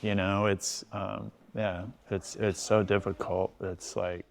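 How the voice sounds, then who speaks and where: Middle-aged man, gravelly, low-pitched, relaxed, chatty, podcast interview. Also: slow. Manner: laid-back, loose storytelling with frequent "you know". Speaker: tattoo artist and shop owner guest. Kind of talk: casual podcast conversation.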